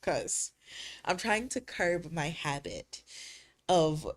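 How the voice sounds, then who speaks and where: Slow-talking, low-voiced woman streamer. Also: expressive. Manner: crude teasing humor with frequent laughter; trails off into fillers. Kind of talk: casual chat.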